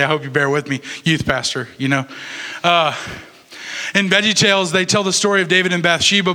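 A man's voice: a little high, bright, forceful tone. A young man preaching a sermon as a youth pastor, in a casual, conversational way with fillers and restarts.

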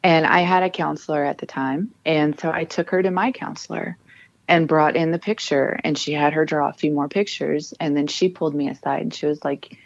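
Speaking a bit fast in a low, steady, creaky voice, a military spouse and author in her thirties shares her family's story during an interview. She is earnest and emotional, frequently starting over, and the echo-free recording has its highs cut off.

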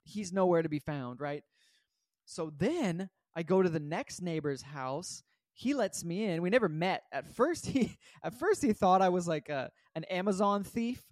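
Animated man telling a rambling story. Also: high voice, a little slow, no echo, clean studio sound. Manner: rambling, animated, full of "like" and "right?". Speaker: podcast host. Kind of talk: casual storytelling monologue.

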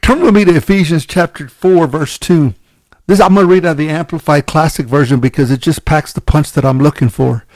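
A man's voice: fairly high pitch, fairly quick, a little mellow, no room sound. A man preaching a conversational sermon, candid and self-deprecating, often restarting his sentences and checking in with "right?".

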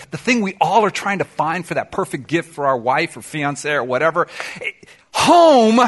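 Middle-aged male pastor, sermon delivery, bright and a bit high, emphatic with sudden hushed asides. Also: slightly rough. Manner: emphatic preacher, swings from loud to soft and confiding; sings song lyrics in snatches.

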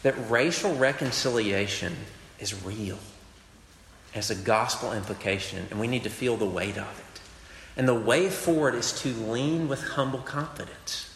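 A man's voice: mid-range voice, moderate pace, fairly bright tone. Young man, conversational sermon, casual asides, long hall reverb, faint noise behind. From Mississippi, US. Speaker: campus preacher.

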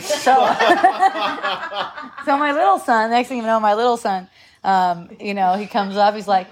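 A woman's voice: a little high, unhurried, a crowd in the background. A middle-aged woman telling a story about her sons in a casual chat, laughing often and rambling with many restarts.

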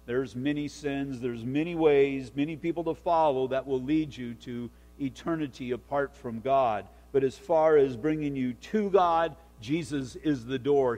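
A man delivering a sermon as pastor, quick and earnest, slowing down to stress scripture quotes. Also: a little high, a little mellow. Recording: long hall reverb.

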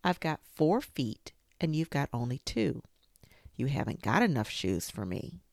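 A woman voicing boastful, greedy jungle tigers in a storybook tale, low and unhurried. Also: very animated, creaky, darkish tone, no room sound, clean studio sound, exaggerated voice. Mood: gruff.

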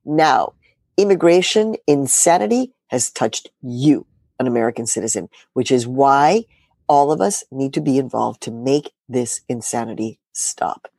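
Animated, emphatic woman journalist. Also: very deep voice, unhurried, vocal fry, no room sound, studio quality. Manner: emphatic, rhetorical questions, sarcastic asides. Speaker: journalist guest. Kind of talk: animated political interview talk.

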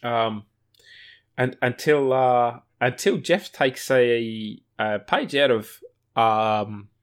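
A man's voice: mid-range voice, very slow, smooth. A man hosting a podcast, casually recapping an episode and acting out quotes as he rambles. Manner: rambling retelling with acted-out quotes. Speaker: podcast host.

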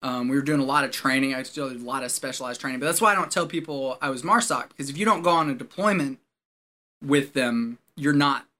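A man, a former Marine, telling a story in casual chat, animated and profane, often laughing as he talks. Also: mid-range voice, quick pace.

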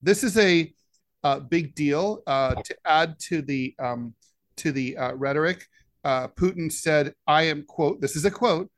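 A man co-hosting a political podcast, his voice sitting a little higher than most men's. He talks in a halting way and fills his pauses with "uh". The sound is close and dry, with no room around it. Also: no room sound. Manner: halting delivery with many "uh" fillers. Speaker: podcast co-host, editorial cartoonist.

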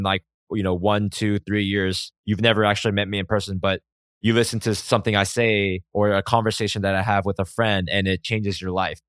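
A man's voice: lowish voice, a bit bright, no room sound, clean studio sound. A man hosting his own podcast, talking alone in a rambling, self-reflective way with frequent swearing. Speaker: podcast host. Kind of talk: solo podcast monologue.

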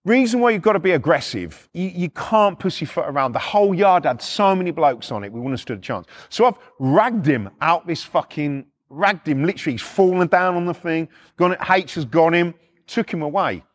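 Middle-aged bloke, high-pitched, profane, animated storyteller who does the voices himself. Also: male voice, normal speed. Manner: animated, swears constantly, acts out voices. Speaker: podcast storyteller. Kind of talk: casual anecdotal storytelling.

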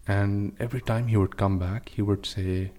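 A man's voice: fairly low pitch, fairly even intonation, normal speed, dark tone. A man on a podcast recounting stories and ideas in a chatty way, with frequent "uh" fillers. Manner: storytelling, with "uh" fillers and restarts. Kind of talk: casual discussion.

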